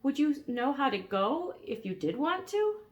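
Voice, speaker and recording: A woman's voice: high voice, very animated, unhurried, dull audio, voice pushed up. Woman doing an eager nine-year-old boy.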